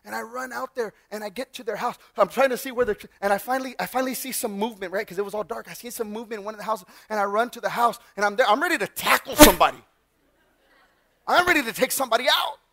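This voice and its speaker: A male pastor giving a sermon in a church, telling personal stories in an animated way and often restarting his sentences. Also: high voice, rapid-fire, vocal fry, few pauses. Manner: animated storyteller with frequent restarts. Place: church sanctuary.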